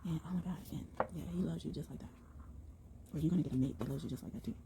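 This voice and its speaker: A young woman giving a casual tarot reading to her viewers, excited and rambling, often breaking into exclamations and slang. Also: low-pitched, very fast, gravelly, background noise. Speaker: tarot reader.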